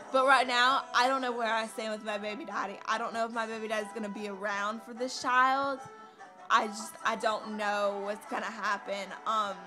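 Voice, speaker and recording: Hesitant young woman vlogger over music. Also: a little high. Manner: rambling, hesitant with many fillers. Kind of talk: personal story vlog.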